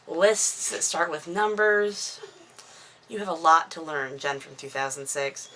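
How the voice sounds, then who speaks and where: A woman's voice: lowish voice, moderate pace, pushed and bright, a little hiss or hum. A woman in her thirties, talking into a camera at home, recaps her own book in a casual, rambling way full of digressions and self-mocking asides. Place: at home indoors, dog nearby. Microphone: camera microphone.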